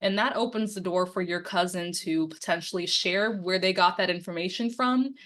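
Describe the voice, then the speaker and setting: A woman's voice: fairly low pitch, moderate pace, fairly bright tone. A young woman campaigner giving a quiz-style lesson, posing questions and explaining answers with frequent ums. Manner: poses multiple-choice questions and explains answers, friendly coaching tone. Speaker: media and democracy campaigner. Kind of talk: instructional quiz-style presentation.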